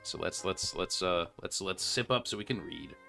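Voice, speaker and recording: A man's voice: low voice, normal speed, creaky, pushed and bright, faint music behind. A young man streaming a video game, thinking aloud and rambling through menus in casual commentary into a desk microphone.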